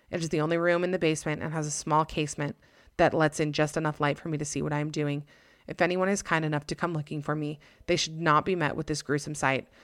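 A man's voice: on the high side, a bit bright, dry recording, clean studio sound. A woman reading the farewell letter of a grieving lonely school janitor in a formal, solemn voice.

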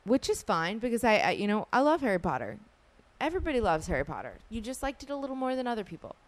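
A woman's voice: on the high side, sing-song, dry recording. A woman, hosting a podcast in a casual, slangy way full of asides. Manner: chatty, slangy, fast asides, frequent "like". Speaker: podcast host. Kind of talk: casual chat with ad read.

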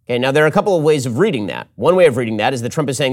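A man hosting a political commentary show, talking fast and argumentatively, with a read ad segment. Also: mid-range voice. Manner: quick, animated, argumentative.

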